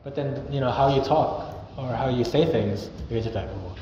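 Captured in an echoey, dull, noisy church-hall recording, a young man delivers a sincere, chatty sermon. His mid-range voice keeps a normal pace, and now and then he acts out how one might greet someone.

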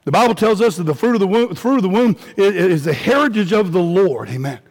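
A man's voice: sits high, expressive, fast talker, darkish tone. A man preaching a sermon, reading scripture and telling stories in a conversational way. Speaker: pastor.

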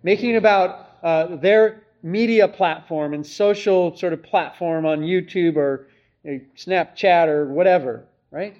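A man's voice: sits high, unhurried, lo-fi sound. A man preaching an expository sermon, earnest and emphatic, often asking rhetorical questions. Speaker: pastor.

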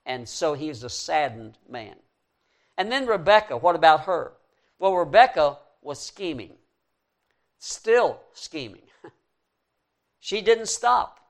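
A man preaching a sermon in an earnest, emphatic way, pushing key words up loud and letting conclusions drop soft. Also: fairly high pitch, sing-song, slow pace, pauses often.

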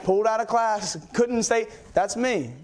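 A young man preaching a sermon in a church, telling stories in an excitable, rambling way with many fillers. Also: high-pitched, a little slow.

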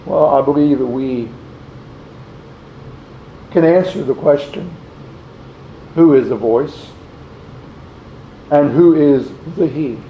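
A man preaching a sermon, slowly posing rhetorical questions and reading scripture aloud in old-fashioned wording. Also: a little high, warm tone, slight background noise. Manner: slow, deliberate, repeats rhetorical questions. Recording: roomy, dull lo-fi recording.

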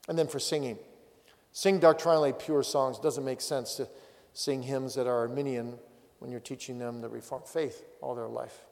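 A man's voice: mid-range voice, fairly even intonation, normal speed, vocal fry, darkish tone. A man, a pastor, giving a teaching talk on family prayer with direct, practical exhortations. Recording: long hall reverb.

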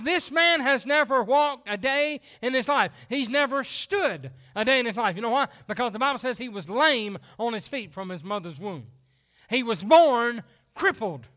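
Pastor, man, very high voice, folksy animated sermon delivery.

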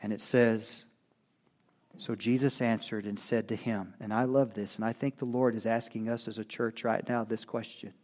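A man preaching a sermon as pastor, reading scripture and rising to loud, impassioned cries. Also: on the low side, flat delivery. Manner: slow, building to loud impassioned cries when quoting scripture.

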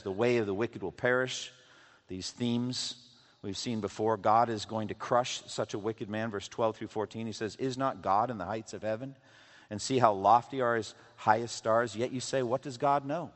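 A man's voice: fairly low pitch, fairly even intonation, normal speed. A man preaching a sermon, reading scripture aloud and pressing his listeners with emphatic questions. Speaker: pastor. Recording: reverberant hall, voice from a distance.

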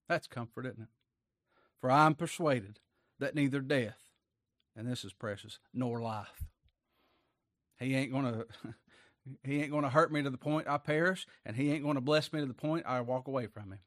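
A man preaching a sermon. He reads scripture aloud, rises to emphatic peaks, then drops low for quiet asides. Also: normal speed, pauses often, dry recording, clean studio sound.

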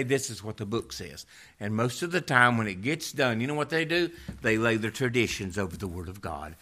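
Preacher guy, super bright edgy voice, reads scripture then gets loud and fired up. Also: expressive, moderate pace, vocal fry. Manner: preaching with scripture reading, rising to loud emphatic peaks then dropping low. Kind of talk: sermon.

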